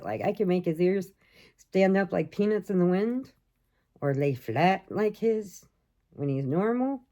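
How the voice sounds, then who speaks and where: A woman's voice: lowish voice, lively intonation, unhurried, dark tone. An older woman from the area, chatting casually and rambling to camera about her crochet and family, laughing often. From Chicago area. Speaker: crochet vlogger.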